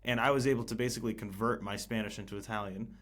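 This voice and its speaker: A man with a somewhat low voice chats on a podcast. He circles his points, breaks off mid-phrase and fills the gaps with "uh" and "you know", laughing easily at himself. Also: steady tone, quick pace, a bit bright. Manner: hesitant, many restarts and fillers, laughs easily. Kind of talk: casual conversation. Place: living in Italy.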